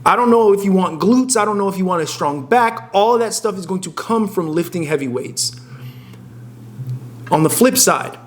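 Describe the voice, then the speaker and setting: Young gym guy ranting at the camera, swears a lot, keeps restarting sentences, voice sits a bit high. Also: animated, normal speed, slight background noise. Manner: blunt, profane, emphatic, self-interrupting. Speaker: fitness content creator. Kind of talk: casual direct-to-camera advice.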